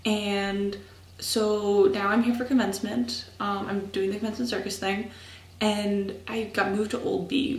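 A young woman, a college student, chatting in a rambling, self-mocking way as she records a casual video letter to a friend from her dorm room. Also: mid-range voice. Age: young adult.

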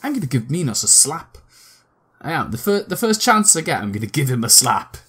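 A man's voice: medium pitch, sing-song, brisk, fairly bright tone, husky. A man with a scratchy throat giving casual, sweary let's-play commentary with laughing asides.

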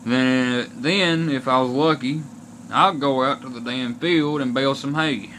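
A young man from Kentucky, USA, vlogs to camera in an Appalachian accent, ranting bluntly and swearing often. His mid-range voice is a bit bright. The delivery is aggrieved, slow and deliberate, and there's slight background noise.

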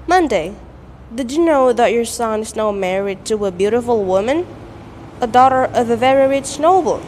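A woman's voice: a little high, lively intonation, moderate pace, darkish tone, close to an everyday voice. A young woman voicing a male ship captain who eagerly passes on news. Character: gossipy ship captain, man. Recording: echoey hall, faint noise.

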